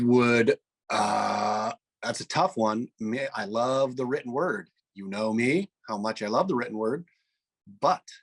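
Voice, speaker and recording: Male co-host with a mid-range voice, loose and rambling in casual chat. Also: medium pitch. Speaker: podcast co-host.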